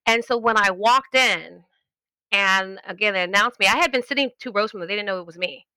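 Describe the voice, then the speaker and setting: A woman, a linguist and educator, telling animated stories in a casual podcast conversation and acting out the voices of people she quotes. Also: mid-range voice, a little fast, smooth, no echo, rough recording. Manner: animated storytelling, acts out quoted voices, laughs often.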